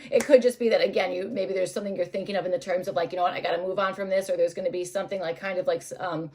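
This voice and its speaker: A young adult woman doing a casual tarot reading, rambling and hesitant with many fillers. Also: medium pitch. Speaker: tarot reader.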